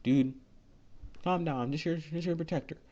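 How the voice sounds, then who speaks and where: A man's voice: a little high, normal speed, warm tone, pitched above the performer's own voice, natural voice. A man doing a blunt, impatient boy assassin. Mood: annoyed. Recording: lo-fi dull recording.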